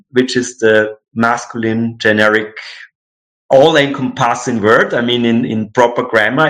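A man's voice: medium pitch, fairly bright tone. Guy, middle-aged, venting in a casual chat, keeps restarting sentences. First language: German. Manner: indignant, ranting, many restarts and fillers. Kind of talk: casual conversation.

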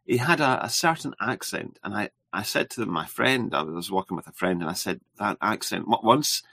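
A man hosting a casual conversation, rambling and hesitant in a relaxed way. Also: on the low side, moderate pace, gravelly, breathy edge, dry recording.

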